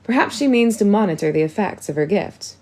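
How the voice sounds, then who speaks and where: A woman's voice: mid-range voice, expressive, brisk, warm tone, natural voice. A woman reading an audiobook, voicing a cheerful, playful young prince.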